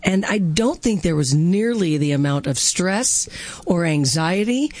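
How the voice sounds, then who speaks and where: A woman's voice: lowish voice, lively intonation, a little slow, a little mellow. Earnest woman co-hosting a radio show. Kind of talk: casual radio chat.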